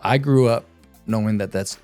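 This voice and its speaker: Low-voiced man telling stories casually. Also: moderate pace, soft background music. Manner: storytelling, relaxed, peppered with "you know what I'm saying". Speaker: podcast host. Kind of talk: casual chat.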